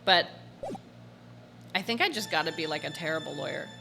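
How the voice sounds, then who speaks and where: A young woman streamer commentating casually on a game, animated and giggly, swearing now and then. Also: low voice, brisk, vocal fry, faint music behind. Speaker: gaming streamer. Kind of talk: casual let's-play commentary.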